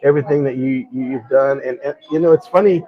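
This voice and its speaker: A man's voice: medium pitch, fast talker, muffled recording, a crowd in the background. A middle-aged man hosting a live talk show, telling a personal story in a rambling, heartfelt way with many restarts. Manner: rambling, repeats words and restarts, emotional. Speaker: host. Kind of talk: casual storytelling chat.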